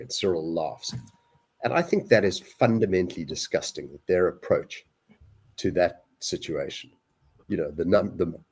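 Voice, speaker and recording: A man with a very deep, husky voice weighs in on a political panel over a video call. His commentary is dry and mocking, with a sarcastic edge. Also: darkish tone.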